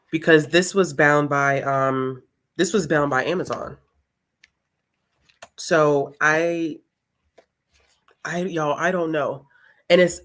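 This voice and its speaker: A woman hosting a book vlog, chatting casually with viewers and laughing often between words as she talks. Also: deep voice. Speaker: book vlogger hosting a reading sprint.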